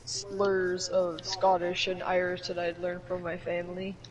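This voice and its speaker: Guy gaming w his buddies, pretty high voice, teasing and blunt. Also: completely flat delivery, measured pace, crowd noise, low-quality recording. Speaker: gaming friend. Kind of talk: casual gaming chat.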